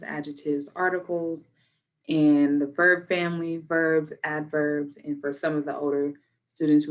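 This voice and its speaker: A woman teacher giving a recorded grammar lesson to students and families, patient and laughing at her own stumbles. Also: sits low.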